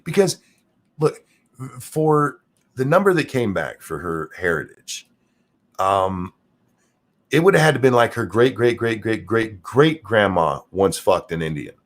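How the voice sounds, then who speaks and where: Guy ranting on his stream, swears a lot, lowish voice that jumps way up when he mocks people. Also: expressive, unhurried. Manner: profane, mocking rant with sudden pitch jumps. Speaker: streamer and show host. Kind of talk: ranting live-stream commentary.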